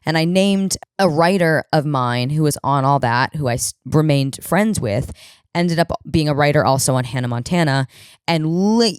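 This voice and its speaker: A woman in her thirties with a low, dusky voice tells a comedic story on her podcast. She is animated and self-mocking, drops swear words freely, and keeps shifting into quoted voices. The sound is close and dry, with no room around it. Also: smooth, no echo. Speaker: podcast host.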